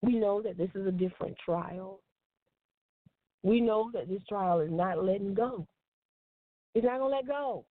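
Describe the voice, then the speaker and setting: A woman's voice: mid-range voice, measured pace, long pauses, no echo. A woman preaching a devotional sermon in an earnest, repeating cadence. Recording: tinny phone-line sound, dry.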